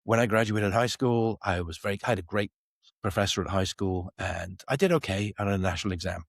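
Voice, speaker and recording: A man's voice: on the low side, a little fast, creaky, no echo, studio quality. A middle-aged man from the Isle of Man, telling stories animatedly in a podcast interview and acting out the people he quotes. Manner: animated storyteller, acts out quoted dialogue. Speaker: guest, space company CEO.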